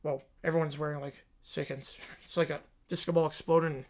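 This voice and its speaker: A man's voice: on the high side, little pitch movement, a little mellow, pitched below the performer's own voice, lightly acted. A man voicing a dim-witted cartoon teenage boy who snickers and drawls dopily. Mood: dopey. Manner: slow, snickering, dopey.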